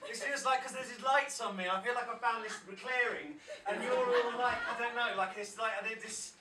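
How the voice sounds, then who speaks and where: High-voiced anxious guy rambling on stage in a pub, keeps cutting himself off, crowd all around. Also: steady tone, moderate pace, distant mic. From South-West England. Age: 30s. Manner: anxious, self-interrupting, laughing. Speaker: poet performing a live set. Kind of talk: rambling stand-up poetry patter. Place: pub stage before a live audience. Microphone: stage microphone, often off-mic. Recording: echoey pub room from afar, crowd.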